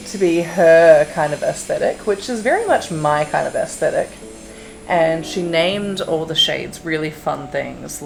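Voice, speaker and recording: Slow, gravelly-voiced woman vlogging. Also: sits low, a little hiss or hum, rough recording. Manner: chatty, gushing, self-deprecating. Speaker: beauty vlogger. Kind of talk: casual makeup review chat.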